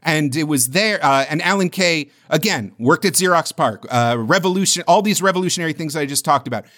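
A man's voice: on the high side, animated, fairly bright tone. Man sharing research notes on a podcast. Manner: recounting research notes with frequent pauses. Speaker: podcast co-host. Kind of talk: casual podcast chat.

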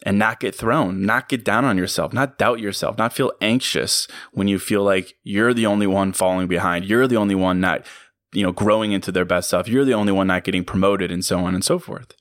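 A low-voiced man talks straight into a close mic, delivering a motivational podcast monologue. He sounds earnest and reflective and chuckles at himself from time to time. The sound is dry and close, with no room around it. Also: a bit bright, dry recording. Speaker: podcast host.

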